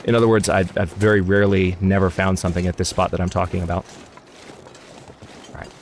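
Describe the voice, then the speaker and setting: A man's voice: sits low, flat delivery, fast, slight background noise. A man hosting a let's play, rambling through gaming commentary and grumbling at the game in exasperated asides. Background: game music.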